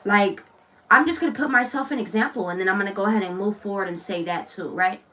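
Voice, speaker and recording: A woman's voice: mid-range voice, fast, pushed and bright, far from the mic, poor audio. Chatty, blunt woman reading tarot. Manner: loose, chatty and blunt, swears freely, laughs often. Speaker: tarot reader.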